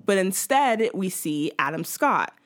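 A woman's voice: mid-range voice, sing-song, unhurried, fairly bright tone. A woman chatting casually about a TV episode, talking in a loose rambling way with lots of fillers. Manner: chatty, many fillers, laughs while talking. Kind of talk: casual chat recapping a TV episode.

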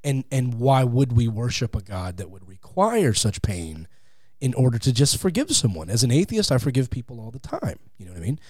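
A man speaking as a guest in a casual interview, animated and acting out quotes in different voices, on a close studio mic. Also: medium pitch, a little fast, no room sound. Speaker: podcast guest, atheist comedian.

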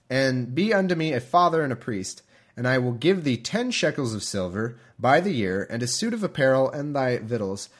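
A man hosting a podcast, reading scripture aloud and breaking off into chatty, bemused commentary, laughing often. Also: medium pitch. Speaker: podcast host.

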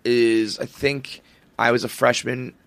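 A man's voice: medium pitch, steady tone, slow, vocal fry, fairly bright tone, no room sound. A man in his late thirties hosting a podcast, talking in a blunt, profane, jokey casual chat from a studio mic. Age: 30s. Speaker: podcast host.

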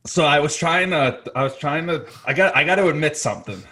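A man's voice: fairly high pitch, animated, fairly quick, bright, forceful tone, husky. A man hosting a casual podcast, rambling and stammering while laughing at himself.

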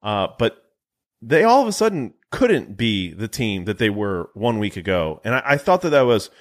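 A man co-hosting a sports podcast, talking in an animated, bantering way. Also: lowish voice, moderate pace. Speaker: podcast co-host. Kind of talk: casual sports chat.

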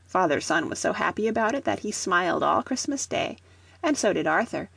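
Breathy woman reading a children's story. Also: fairly low pitch, a little fast, no room sound. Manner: gentle, even storytelling. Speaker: audiobook reader.

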